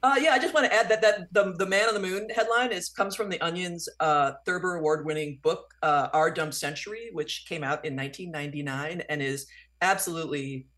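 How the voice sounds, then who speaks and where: A woman speaks as a guest author on a radio interview. She explains at length in an animated, talkative way, close to a studio microphone. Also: on the low side, brisk.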